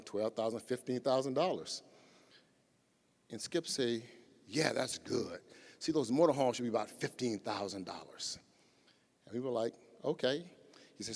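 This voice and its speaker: Male eulogist, anecdotal and lively, recorded with arena reverb. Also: medium pitch. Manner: warm storytelling, acting out quotes. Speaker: former athletics colleague giving a tribute. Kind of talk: memorial tribute, humorous anecdote. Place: large arena memorial service. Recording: long reverb in a big arena.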